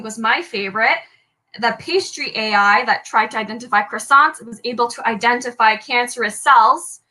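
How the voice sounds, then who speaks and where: A woman's voice: fairly high pitch, bright, forceful tone, rough recording. A young woman hosting a trivia quiz, reading headlines aloud in an upbeat way and joking lightly when she slips. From Canada. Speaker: trivia host.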